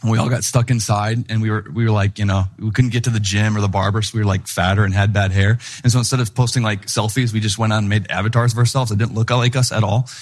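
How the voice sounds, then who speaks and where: A middle-aged man preaching a sermon in an animated, conversational way, acting out the people he quotes. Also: fairly low pitch, fast, hardly any pauses. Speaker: pastor.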